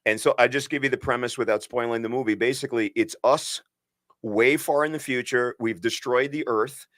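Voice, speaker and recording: An earnest man talks on a podcast at a middle pitch, leaning hard into his points and often breaking off to start again. The recording is dry and close, with no room sound. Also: steady tone, a little fast, a bit bright, dry recording. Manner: earnest and emphatic, with many restarts and asides. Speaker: podcast co-host and physician. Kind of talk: impassioned podcast conversation.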